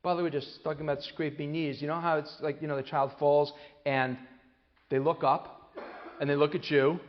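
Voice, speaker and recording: A man with a fairly high voice gives a parenting talk, telling animated stories and acting out voices as he goes. He often starts over mid-sentence. The sound is dull and lo-fi, with long reverb from a hall. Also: moderate pace. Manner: animated storyteller, acts out quoted voices, many restarts. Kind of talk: lively talk to an audience.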